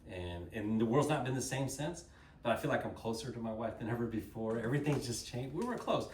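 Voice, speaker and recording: A man's voice: mid-range voice, a little fast. Folksy Texan man telling stories. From Texas. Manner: animated, folksy, sprinkles y'all. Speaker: guest speaker. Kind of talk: casual storytelling talk. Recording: roomy, distant mic with faint noise.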